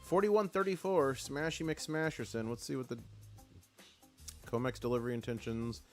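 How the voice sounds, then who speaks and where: A man hosting a casual live stream with excited market commentary, rallying his chat and reading out their comments. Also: mid-range voice, normal speed, faint music behind.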